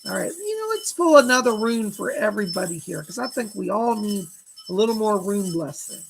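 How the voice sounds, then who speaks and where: A man's voice: sits high, big pitch swings, fairly quick, gravelly, a little hiss or hum, poor audio. A man hosting a live stream as a psychic reader, chatting casually, reading out viewer comments and laughing often.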